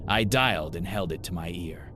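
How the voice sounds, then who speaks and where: A man narrating a first-person horror story in a grim, measured way. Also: deep voice, noisy background.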